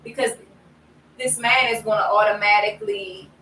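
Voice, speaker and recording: A woman's voice: mid-range voice, fairly even intonation, normal speed, sharp tone. A woman in a casual group discussion, talking things through reflectively and acting out her own past outbursts. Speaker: panel guest. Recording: roomy, distant mic with faint noise.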